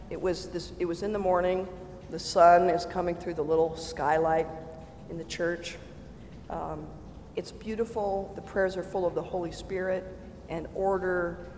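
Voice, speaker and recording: A churchgoer telling a personal faith story in a casual, animated way, often exclaiming and laughing mid-sentence. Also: medium pitch, slight background noise. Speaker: churchgoer sharing a personal testimony. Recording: roomy hall with long reverb and faint ambience.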